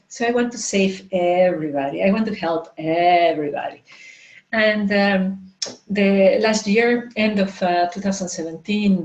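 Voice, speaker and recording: A woman in her forties, a coach and entrepreneur, telling a candid personal story at a live talk, halting with many fillers and restarts. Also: medium pitch, darkish tone, echoey room, highs cut off. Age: 40s.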